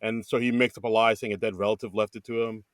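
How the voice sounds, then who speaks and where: A man's voice: on the low side, level tone, fast, no room sound. Easygoing man, dry close sound. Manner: easygoing, lots of fillers and short reactions. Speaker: podcast co-host. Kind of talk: casual chat.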